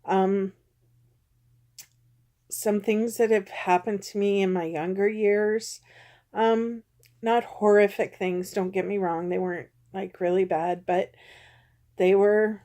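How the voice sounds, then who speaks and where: A woman in her fifties talking to her viewers in a personal confessional vlog. She speaks haltingly, with many pauses, and sounds close to tears at times. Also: mid-range voice, steady tone, dark tone. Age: 50s. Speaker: vlogger.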